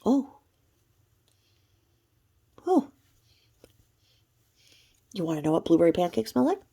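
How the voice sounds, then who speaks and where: A woman's voice: fairly low pitch, sing-song, takes it slowly, gravelly, dark tone, slightly rough. A woman hosting her own channel, talking to camera in a chatty, rambling way and now and then dropping to a whisper. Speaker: channel host. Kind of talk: casual vlog commentary.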